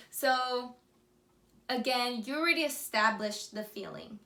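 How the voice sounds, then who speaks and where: A woman vlogger talks her viewers through relationship advice, laying it out step by step and acting out sample phrases along the way. Her voice sits on the higher side. The room around her rings with noticeable echo. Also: measured pace, bright, forceful tone. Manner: explains step by step, acts out example phrases. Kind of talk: casual advice talk to camera. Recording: echoey room.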